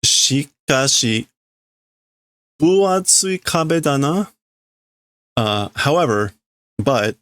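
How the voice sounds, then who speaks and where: This streamer, a man studying Japanese, reads through a comic and fumbles his way to a translation out loud, filling gaps with ums and ahs. He speaks in a lowish voice, and there's no echo on the audio.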